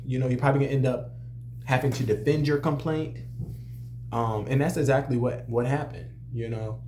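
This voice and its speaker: Mellow-voiced man telling a story, lots of fillers. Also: mid-range voice, normal speed, a little hiss or hum. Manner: conversational, many "you know" fillers, animated when quoting others. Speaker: restaurant cook. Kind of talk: casual storytelling to camera.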